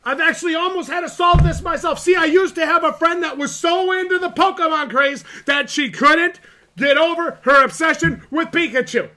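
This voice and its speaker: A man doing a high-voiced, cocky boastful showman. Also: normal speed, sharp tone. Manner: brags about himself in the third person. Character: cocky boastful male persona, arrogant showman. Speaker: streamer. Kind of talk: comedic live stream character bit.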